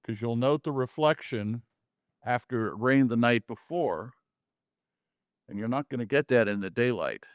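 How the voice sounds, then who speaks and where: He's expressive at a normal speed, his medium-pitched voice close and dry with no room sound. Talking a small audience in a community meeting room through his photo slides, he keeps things chatty with folksy jokes and asides.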